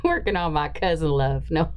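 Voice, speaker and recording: A woman's voice: sits low, normal speed, a little hiss or hum. A woman hosting a podcast in casual chat, rambling and chatty with trailing fillers. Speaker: podcast host.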